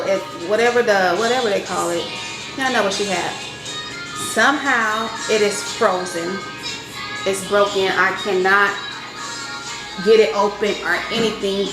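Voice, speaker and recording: A woman's voice: medium pitch, measured pace, pauses often. Chatty woman vlogging at home. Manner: chatty, talks straight to viewers, says "y'all" often. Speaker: vlogger, stay-at-home mom. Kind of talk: casual home vlog chat. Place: home kitchen, indoors. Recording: echoey room with loud background music.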